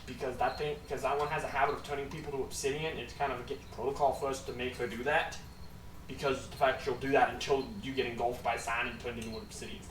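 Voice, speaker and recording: A man narrating as game master for a tabletop game, talking in an animated way. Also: quick pace. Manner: animated, swings from low to loud. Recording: echoey room, distant mic, background noise.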